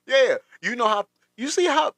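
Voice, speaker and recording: A man's voice: very high-pitched, very animated, normal speed, a bit bright, no room sound, clean studio sound. Rambling, laughing livestream host man. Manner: rambling, repeats words, laughs often. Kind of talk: casual commentary on a livestream.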